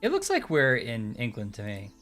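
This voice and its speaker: A man's voice: medium pitch, moderate pace, faint music behind. A man casually chatting while playing a story game, making wry jokes. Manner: wry, deadpan jokes, reads game text aloud. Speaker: game streamer. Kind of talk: casual let's-play chat.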